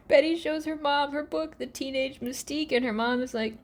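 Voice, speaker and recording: A woman hosting a podcast, recapping episodes in a sarcastic, animated storytelling way and slipping into mock voices for the characters. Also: sits high, moderate pace, hardly any pauses. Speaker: podcast host.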